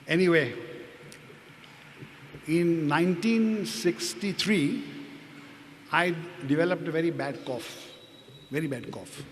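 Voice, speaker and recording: Older Indian doctor, higher-pitched, halting testimony, long hall reverb, faint noise. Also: male voice. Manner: hesitant, repeats words, apologetic asides. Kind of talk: personal testimony talk.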